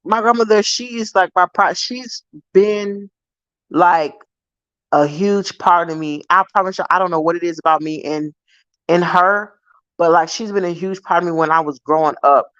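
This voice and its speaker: A young adult woman casually telling stories to her viewers in an animated, profane, laughing way. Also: moderate pace, no room sound. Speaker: vlogger. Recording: dull, dry low-fi sound.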